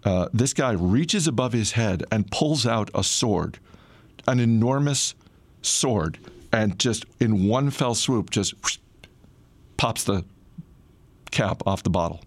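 Middle-aged male storyteller, low and gravelly, dry close sound, laid-back anecdote delivery. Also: slow, long pauses, no room sound. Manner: relaxed, conversational, frequent "uh" fillers. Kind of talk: casual personal storytelling.

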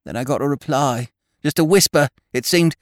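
A man's voice: a little high, normal speed, no echo, clean studio sound, voice pushed up, close to an everyday voice. A man voicing a flustered middle-aged female housekeeper, talking in a breathless, agitated rush. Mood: alarmed.

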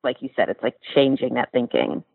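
A woman's voice: extremely low pitch, brisk, breathy edge, dry recording. Woman on a tinny phone line. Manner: candid, reflective, agreeable. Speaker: actor seeking advice. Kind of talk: casual chat.

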